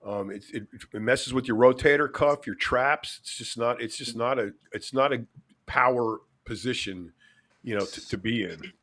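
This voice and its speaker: A man co-hosting a live podcast, telling stories in an animated way and answering training questions directly. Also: medium pitch, normal speed. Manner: animated storyteller, repeats words. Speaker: podcast co-host. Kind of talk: casual chat, storytelling.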